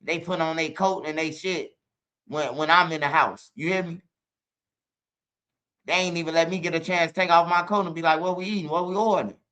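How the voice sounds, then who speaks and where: A man's voice: a little high, fairly even intonation, normal speed, long pauses, bright, forceful tone, smooth. A man with a Chicago accent hosting his own channel, telling rambling, profane stories and talking straight to his viewers. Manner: profane, rambling, fills lines with "bro"; talks straight to viewers, asks for comments. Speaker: channel host. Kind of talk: casual storytelling monologue.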